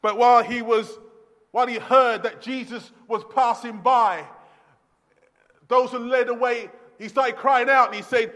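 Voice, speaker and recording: A man preaches with a strikingly high voice, pressing his points hard and swinging between quiet and loud. His words ring through the long echo of a church hall. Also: fairly even intonation, moderate pace. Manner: emphatic preaching, swinging from hushed to shouting. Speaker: pastor. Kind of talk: sermon. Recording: long echoey reverb of a hall.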